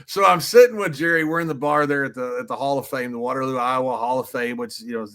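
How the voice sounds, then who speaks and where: A man, a podcast guest, telling a long casual anecdote in a rambling, animated way with crude jokes. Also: medium pitch, quick pace.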